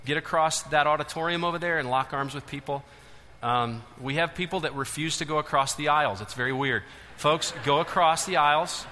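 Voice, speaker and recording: Pastor, male, fiery sermon delivery, slightly high voice, large church auditorium. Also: brisk, hardly any pauses, a little hiss or hum. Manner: passionate, swings from loud urging to hushed intensity. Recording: long hall reverb.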